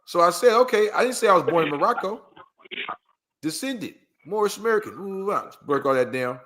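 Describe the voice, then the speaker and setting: A man's voice: high-pitched, animated, a little fast, fairly bright tone, a little hiss or hum. A man from Los Angeles telling a story in casual conversation, acting out the voices of the people in it, full of slang and asides. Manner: acts out quoted voices, slang-heavy, rhetorical asides. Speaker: guest storyteller. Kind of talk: animated storytelling in casual chat.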